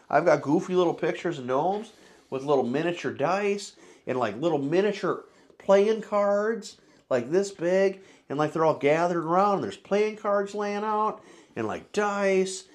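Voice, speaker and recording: A man co-hosting a casual chat while sampling drinks, talking in a rambling, playful way. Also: on the high side. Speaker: co-host.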